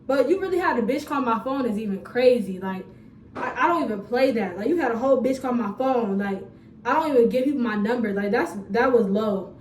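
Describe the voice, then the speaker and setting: Animated high-voiced young woman telling a story. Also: fairly quick, a little hiss or hum. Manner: animated, profane, laughing asides. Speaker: storytime vlogger. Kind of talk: casual storytime monologue. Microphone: phone camera. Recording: roomy phone recording from a distance.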